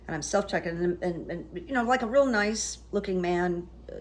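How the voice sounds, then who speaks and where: A woman's voice: lowish voice, moderate pace. Middle-aged woman, psychic vlogger, chatty, rambling, lots of fillers. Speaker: psychic YouTuber. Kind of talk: casual vlog chat.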